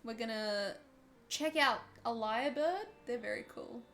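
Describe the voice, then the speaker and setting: Australian woman streamer, young, higher voice, giggly and chatty. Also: a little slow. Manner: playful, giggly, animated storytelling. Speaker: streamer, host. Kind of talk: casual gaming stream chat.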